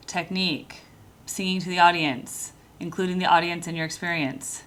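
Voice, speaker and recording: A woman's voice: fairly low pitch, fairly even intonation, normal speed, fairly bright tone. A woman hosting a music reaction video, casually explaining vocal technique as she watches. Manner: explains vocal technique and mixes in brief sung demonstrations.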